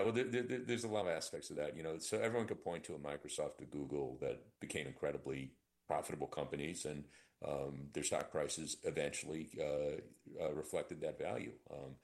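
Deep-voiced man, sardonic economic commentary. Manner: animated, sardonic, with frequent fillers and restarts. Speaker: economist guest. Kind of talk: conversational expert commentary.

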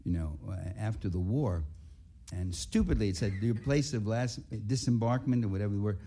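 A man speaks to an audience in a low, warm voice. He tells his stories in a rambling way, with restarts and asides, and he sounds indignant as he goes. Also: brisk. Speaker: writer and activist speaker. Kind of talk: public talk with anecdotes.

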